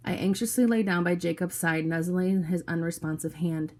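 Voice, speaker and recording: Reading a novel told in the first person, this woman narrates in a lowish, even, low-key voice at a moderate pace. She is an audiobook reader.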